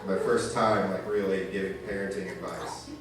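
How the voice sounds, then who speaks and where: A man's voice: sits low, fairly even intonation, moderate pace. A young man doing a stand-up comedy set in a loose, rambling way with crude asides. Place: small arts venue stage. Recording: distant, echoey room with noise.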